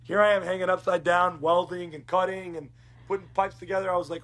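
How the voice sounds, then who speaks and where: A middle-aged man from Uruguay, appearing as a podcast guest, tells his story in a casual, animated manner, acting out the dialogue he quotes. His voice sits high and his pace is brisk.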